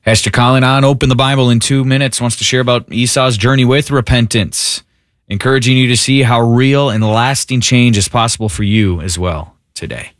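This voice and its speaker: A man's voice: mid-range voice, fairly quick, no echo, clean studio sound. A male radio announcer who introduces the program in a friendly, promotional way.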